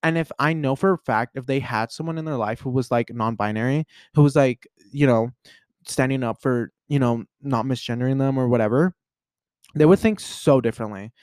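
A man's voice: mid-range voice, fairly quick, darkish tone, no room sound, clean studio sound. A young American man hosting a casual solo podcast, rambling along with lots of "like" and restarts in a playful way. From United States. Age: young adult. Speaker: podcast host.

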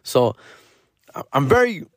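A man's voice: on the high side, sing-song, measured pace, no room sound, clean studio sound. Rambling, slangy man in his forties. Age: 40s. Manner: rambling, slangy, profane, peppers speech with "fool" and "dog". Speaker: podcast host. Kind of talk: casual monologue.

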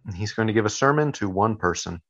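A man tossing off dry jokes about a movie he is watching. His speech is lively in pitch, and the recording sounds slightly dull and muffled. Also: fast talker. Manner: dry wisecracks, frequent laughter. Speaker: co-host reacting to a film. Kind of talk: casual movie commentary.

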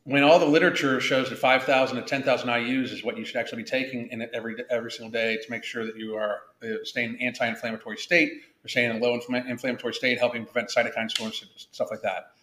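A man's voice: mid-range voice, fairly even intonation, fast talker, hardly any pauses, pushed and bright, roomy sound. A man hosting a casual podcast, blunt and profane, rambling with frequent restarts. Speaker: podcast host.

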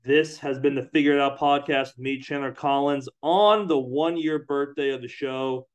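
A man hosting a casual sports podcast, easygoing and quick to laugh. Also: medium pitch, fairly even intonation. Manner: easygoing, laughs often, wraps up the show. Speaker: podcast host.

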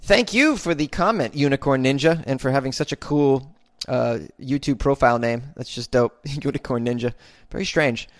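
A man's voice: medium pitch, no echo, clean studio sound. A man hosting his own podcast, chatting casually and self-deprecatingly as he answers listener comments. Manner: rambling, self-deprecating, with halting restarts. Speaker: podcast host.

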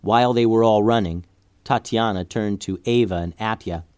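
A man's voice: on the low side, normal speed, a little mellow, clean tone, no echo. A man narrating an adventure story aloud, building tension through the action scenes.

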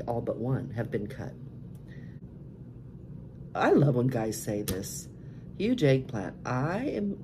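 Over a noisy background, a middle-aged woman with a rumbling low voice hosts a cam show podcast on a live stream. She reads viewer messages and answers them frankly in casual chat, laughing often.

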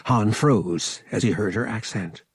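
A man narrating an adventure novel as an audiobook reader, in a measured storytelling manner. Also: lowish voice, husky. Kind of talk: scripted narration.

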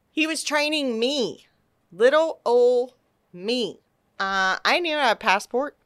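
A middle-aged woman from Texas telling an animated personal story on a podcast, acting out quotes and restarting her sentences. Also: on the high side, moderate pace. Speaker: podcast guest. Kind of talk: casual storytelling.

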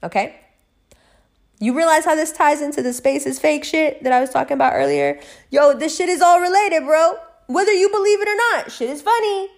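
A middle-aged woman telling a rambling personal story in a casual monologue, swearing freely and swinging between loud excitement and hushed recounting. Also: high voice. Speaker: vlogger.

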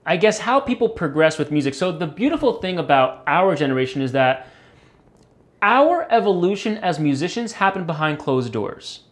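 A guitarist appearing as a guest in a casual interview talks loosely and rambles, using many fillers and cursing now and then. His voice is on the high side, with big pitch swings and a moderate pace.

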